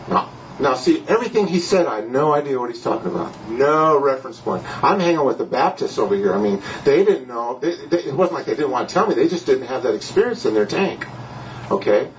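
A man's voice: mid-range voice, animated, brisk, recorded from a distance, dull audio, a little hiss or hum. An older man preaching at a home gathering, telling stories with animation and laughing at himself. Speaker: pastor. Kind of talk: sermon.

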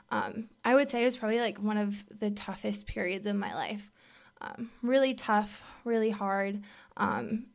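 A young woman giving a personal testimony at a faith gathering, speaking candidly and haltingly with many fillers, sometimes dropping to a whisper. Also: mid-range voice. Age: young adult. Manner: drops to a whisper at moments.

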